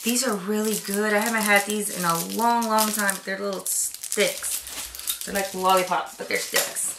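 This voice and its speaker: A woman's voice: mid-range voice, steady tone, moderate pace, roomy sound, noisy background. A woman chatting casually as she unboxes a gift box, gushing and gasping, sometimes dropping to a whisper. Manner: gushing, gasps often, drops to whispers. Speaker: vlogger unboxing a swap box.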